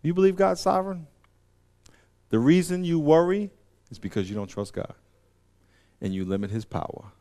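Man preaching, casual slangy sermon, swings from hushed to loud, lively pitch. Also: moderate pace, pauses often. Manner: animated, swings between quiet asides and loud emphatic peaks; conversational, uses slang and acts out voices.

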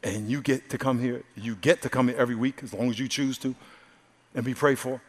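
A male pastor preaching a sermon, swinging from loud exclamations to hushed, earnest asides. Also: medium pitch, steady tone, brisk. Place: large church hall. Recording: live sermon with hall reverb and faint music.

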